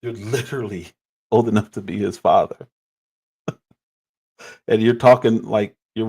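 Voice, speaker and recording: A man's voice: lowish voice, steady tone, a little slow, pauses often, a little mellow, husky. A man in his forties giving critical, exasperated commentary on clips during a livestream.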